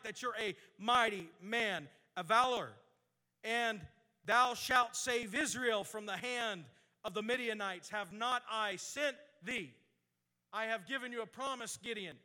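A man preaching a sermon, reading scripture slowly in old-fashioned wording and building to fervent exhortation. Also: high-pitched, bright, forceful tone, long reverb tail. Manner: reads scripture in slow King James cadence, then builds to fervent exhortation.

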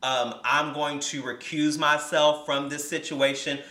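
A man's voice: a little high, a little slow. A man co-hosting a casual podcast discussion, telling stories with animation and acting out quotes. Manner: animated storyteller, acts out quotes. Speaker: podcast co-host. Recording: echoey room.

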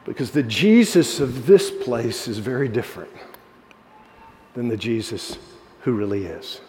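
A man preaching a sermon as pastor, telling stories earnestly and dropping his voice low when quoting others. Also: animated, normal speed, darkish tone, big-room sound, slight background noise.

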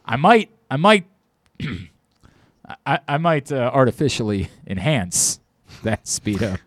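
A man hosting a radio talk show, chatting and joking in a lively, laughing way. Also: medium pitch, slow, long pauses, no room sound, studio quality. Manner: animated, laughing storyteller. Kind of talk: casual radio banter.

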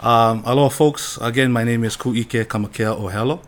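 A farmer and father from Hawaii, speaking in a mid-range voice a little fast, appears as a guest on a casual podcast interview. He comes across humble and earnest, laughing easily.

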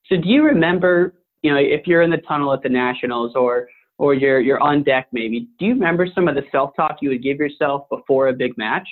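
A man's voice: mid-range voice, a little fast. A man interviewing a guest, asking long, curious questions full of hesitations. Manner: curious, hesitant questioner with many likes and restarts. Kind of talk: podcast interview. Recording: tinny phone-like line.

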